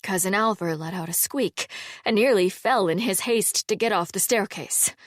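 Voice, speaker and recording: A woman narrating a fantasy audiobook in an even, measured storytelling manner. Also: mid-range voice, dry recording, clean studio sound.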